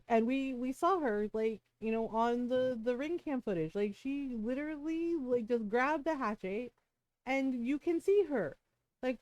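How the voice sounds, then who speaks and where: A woman's voice: fairly high pitch, dry recording. A woman streamer chatting casually at home, rambling and swearing, with frequent fillers and tag questions. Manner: rambling, profane, with frequent "like" and "right?". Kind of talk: casual chat.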